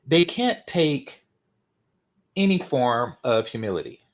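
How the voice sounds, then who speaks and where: A man's voice: medium pitch, big pitch swings, takes it slowly. A man reacting to a video, mocking and emphatic, repeating his points for effect. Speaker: reaction commentator.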